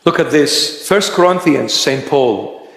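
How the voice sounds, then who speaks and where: A man preaching a sermon as a bishop, impassioned, with rhetorical questions and dramatic swings of pitch. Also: animated, takes it slowly, gravelly, a bit bright. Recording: echoey church hall reverb.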